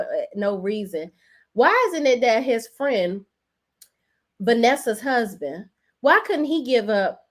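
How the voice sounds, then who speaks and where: Woman doing a chatty soap recap live, talks right to her chat, casual and animated, black vibe. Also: medium pitch. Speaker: host.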